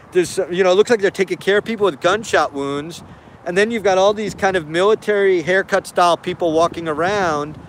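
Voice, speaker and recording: A man's voice: sits high, a little hiss or hum. A man giving casual spoken commentary on video footage, hesitant and puzzled, often repeating himself.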